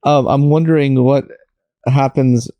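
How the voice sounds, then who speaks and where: A man's voice: medium pitch, steady tone, a little slow, no room sound, lo-fi sound. A man hosting a podcast interview, enthusiastic and a little hesitant as he forms his questions. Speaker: podcast host.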